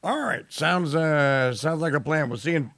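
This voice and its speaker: Gravelly, bright-voiced talk radio host. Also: male voice, on the high side, moderate pace, no room sound, clean studio sound. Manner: lively, mock-outraged jokey delivery. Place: radio studio.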